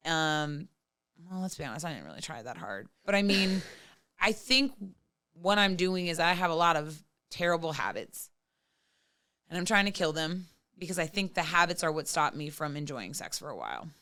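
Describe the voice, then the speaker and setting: A woman in her thirties with a low, expressive, sharp-toned voice talks at a moderate pace in clean studio sound without echo. As a podcast guest, she chats candidly and profanely, filling her speech with "like."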